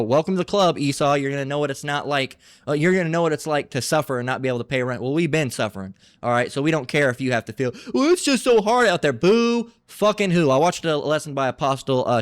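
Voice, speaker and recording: A man preaching from scripture, reading verses aloud and breaking into halting, combative and mocking commentary with profane asides. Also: mid-range voice, clean tone, no room sound, clean studio sound. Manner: halting, many restarts between readings.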